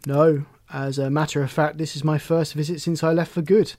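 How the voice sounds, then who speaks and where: A man's voice: a little high, little pitch movement, a little fast, darkish tone, no room sound, lightly acted. A man voicing an eager young man. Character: young man, earnest, eager, returning home.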